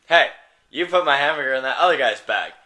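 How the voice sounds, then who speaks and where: A man's voice: mid-range voice, quick pace. A man playing a grumpy burger customer. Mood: riled up. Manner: goofy deadpan banter.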